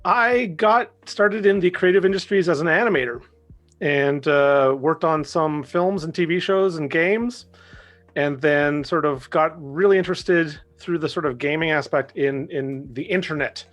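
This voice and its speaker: A man's voice: on the high side, a little slow, a bit bright, soft background music. A man in his forties, a guest on a talk stream, chatting in an easygoing, self-deprecating way. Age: 40s. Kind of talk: casual interview chat.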